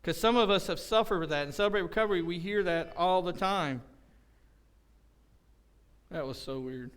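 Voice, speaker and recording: A man's voice: sits high, moderate pace, a bit bright, clean tone. A man preaching a casual, conversational sermon at a church service, joking and telling folksy stories with acted-out quotes. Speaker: pastor.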